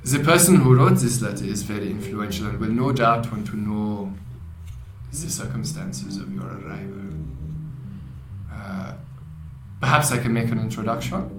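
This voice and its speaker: A man voicing a tired, haughty male wizard with a put-on French accent, speaking in halting, clipped phrases. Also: fairly low pitch, roomy sound, background noise, lightly acted.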